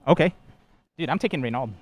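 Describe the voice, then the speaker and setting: Breathless energetic man hosting a show floor. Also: a little high, fast talker, no room sound. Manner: energetic, joking, says he is out of breath. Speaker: host. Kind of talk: live show-floor event commentary. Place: large indoor convention hall floor.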